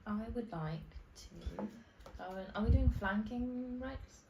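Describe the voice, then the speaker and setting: A woman's voice: fairly high pitch, measured pace, creaky. A woman playing a tabletop game, joking around with the group. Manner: joking, playful. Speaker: player. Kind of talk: casual tabletop play. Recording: echoey room, faint noise.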